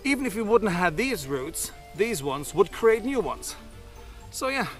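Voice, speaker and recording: A man's voice: high voice, big pitch swings, a little slow, soft background music. A man hosting a gardening video outdoors in his garden, chatting casually through a how-to with self-mocking asides.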